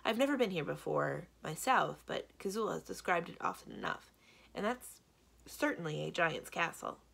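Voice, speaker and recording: A woman voicing a brisk, confident young princess who speaks decisively, reading a children's book aloud. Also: on the low side, very animated, gravelly, fairly bright tone, breathy edge, full character voice.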